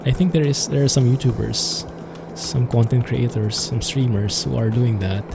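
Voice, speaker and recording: Gravelly-voiced man chatting while streaming. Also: mid-range voice, moderate pace, music in the background. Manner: chatty, amused, rambling. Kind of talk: casual gameplay commentary.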